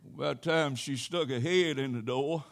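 An older man, a pastor, preaches a sermon in a medium-pitched, gravelly voice at a moderate pace. He tells a personal story in a folksy manner, punctuated by sudden loud exclamations.

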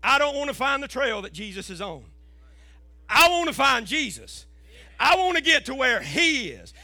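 A middle-aged man, preaching an impassioned sermon as a pastor and rising to shouts. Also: very high-pitched, sing-song, moderate pace, no echo.

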